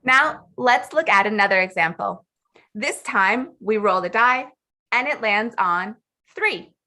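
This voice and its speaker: A woman teacher trainer giving an upbeat webinar presentation, clearly enunciating her instructions. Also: medium pitch, measured pace, bright, forceful tone.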